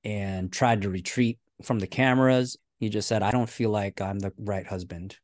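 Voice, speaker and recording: A man's voice: lowish voice, moderate pace, no room sound, studio quality. A man in casual conversation, recapping a reality show and acting out what people said. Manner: animated, acts out quotes in a raised voice.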